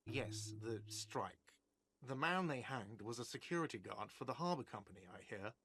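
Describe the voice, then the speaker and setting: A man's voice: mid-range voice, animated, moderate pace, fairly bright tone, a little hiss or hum, natural voice. A man doing a whiny short-fused manager. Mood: curt. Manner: curt, sarcastic, whiny. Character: grumpy short-fused male cafeteria manager. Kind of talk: video game voice acting.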